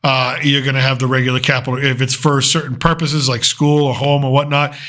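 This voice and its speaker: A man's voice: mid-range voice, level tone, brisk, fairly bright tone. A man hosting a casual political commentary show, thinking aloud and rambling as he reads through lists. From United States.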